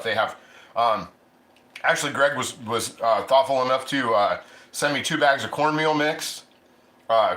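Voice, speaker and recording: A man's voice: medium pitch, pushed and bright, reverberant, slight background noise, low-quality recording. A man hosting a casual cooking livestream from his home kitchen, chatting loosely and reading viewer comments aloud. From Ohio. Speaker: cooking channel host.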